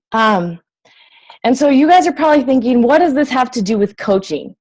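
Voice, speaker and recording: A woman's voice: fairly high pitch, lively intonation, normal speed, a little mellow. A young adult woman, a health coach, telling an emotional personal story to an audience in a heartfelt, earnest way.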